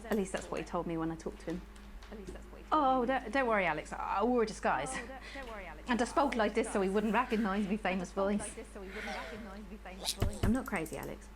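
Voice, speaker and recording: A woman's voice: medium pitch, moderate pace, long pauses, crowd noise, close to an everyday voice. A woman playing a polished TV news anchor whose sign-off turns creepily intimate, with a posh voice. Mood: obsessive. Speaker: news presenter. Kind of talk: live broadcast sign-off, in character.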